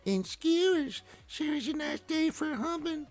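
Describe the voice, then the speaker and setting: A man's voice: very high voice, expressive, measured pace, no echo, soft background music, voice pushed up. A man putting on a cheery folksy cowboy voice, drawling and sing-song. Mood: jolly.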